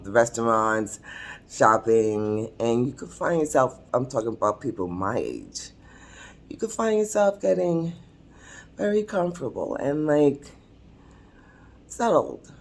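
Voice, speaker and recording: A woman in her sixties telling her own story to camera in a chatty, confiding way, often laughing mid-sentence. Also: extremely low pitch. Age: 60s. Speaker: vlogger. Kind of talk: casual personal storytelling to camera. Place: seated at a table indoors.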